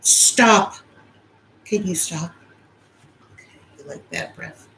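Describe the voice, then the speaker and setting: Brief: woman vlogger, unhurried delivery, breathless, coos at her dogs, echoey bedroom on a phone. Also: deep voice, huge pitch swings, creaky, slight background noise. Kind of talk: casual vlog from bed. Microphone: phone camera.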